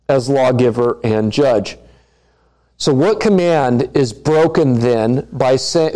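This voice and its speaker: A man preaching a sermon at an unhurried, measured pace. His voice is warm and mellow, and he keeps putting questions to the congregation and repeating lines for emphasis. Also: medium pitch. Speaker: pastor.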